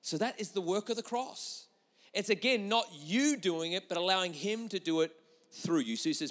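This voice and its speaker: A man preaching a sermon with lots of energy, moving between loud emphatic lines and quiet, intimate asides. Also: on the high side, expressive, fast. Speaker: pastor. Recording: long hall reverb.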